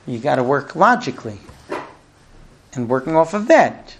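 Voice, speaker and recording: Lively, animated rabbi teaching Talmud. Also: male voice, mid-range voice, moderate pace, slight background noise. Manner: animated, acts out dialogues. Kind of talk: Talmud class lecture.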